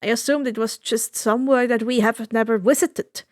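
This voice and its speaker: A woman's voice: on the high side, fairly even intonation, moderate pace, no room sound, clean studio sound, lightly acted. Woman reading a wry, skeptical Greek sailor man. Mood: puzzled. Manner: puzzled, wry. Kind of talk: fan fiction audiobook reading.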